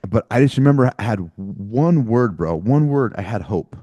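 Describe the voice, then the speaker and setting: A man's voice: mid-range voice, animated, moderate pace, warm tone, no room sound. A man hosting a podcast, telling a personal story in candid, profane conversation peppered with casual slang. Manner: blunt and profane, casual slang like dude and bro. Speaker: podcast host.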